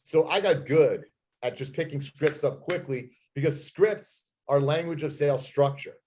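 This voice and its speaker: A man's voice: fairly high pitch, normal speed, a little mellow, slight background noise. A man speaking as a guest real estate agent, giving an intense, emphatic motivational talk on sales scripts. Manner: intense, emphatic, plain-spoken.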